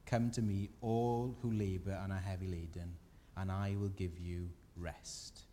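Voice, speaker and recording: A man preaching a sermon as pastor, earnest and gentle, his emphasis rising on key points. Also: low voice, level tone, a little slow, in a large hall, a little hiss or hum. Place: church.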